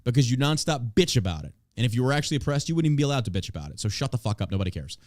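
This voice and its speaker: An American man hosting an opinion podcast, with a mid-pitched voice and a blunt, profane delivery. He swings from mocking sarcasm to flat dismissal, and the sound is dry and close. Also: rapid-fire, no echo. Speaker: podcast host.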